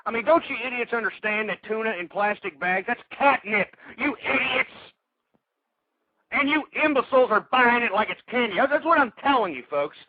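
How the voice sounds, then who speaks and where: With an extremely high-pitched, animated voice at a normal pace, this call-in radio host launches into an angry political rant, insulting listeners and stammering as he restarts. The recording is dry and tinny, like radio over a phone.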